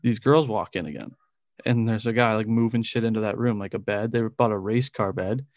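A man's voice: lowish voice, fairly quick, a little mellow, no room sound. A young man, telling a long story in casual chat, rambling with lots of "like" and frequent laughs. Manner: rambling, fills speech with "like", laughs often. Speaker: podcast co-host telling a story.

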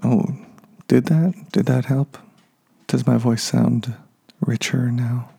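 A man's voice: medium pitch, fairly even intonation, slow pace, vocal fry, mellow, husky. A man in his thirties talking to his podcast listeners in a casual, meandering monologue full of fillers and self-deprecating asides. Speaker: podcast host.

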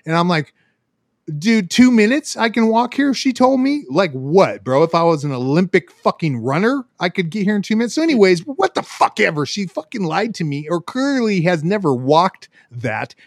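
In a clean, echo-free studio recording, a high-pitched man tells a story at normal speed with hardly any pauses. It's casual podcast chat, and he swears heavily while animatedly acting out the voices of the people in his tale.

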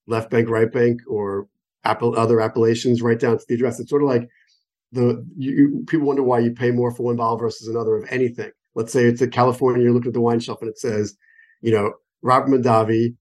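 Fairly quick and a little mellow, this mid-range voice shows little pitch movement. It's an American wine expert, a guest on a phone call, explaining in a lively, meandering, conversational interview style with numerous examples.

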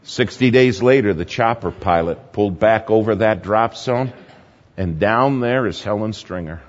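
A man preaching a sermon, telling stories with animation and repeating his numbered points. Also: lowish voice. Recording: dull lo-fi sound with long hall reverb.

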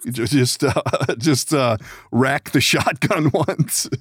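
A man's voice: mid-range voice, slow, breathy edge, dry recording. A man hosting a podcast, telling rambling stories in casual chat, laughing often and swearing. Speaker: podcast host.

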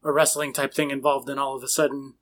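A man's voice: medium pitch, flat delivery, fast, a bit bright. A man in a casual chat who talks bluntly and swears freely.

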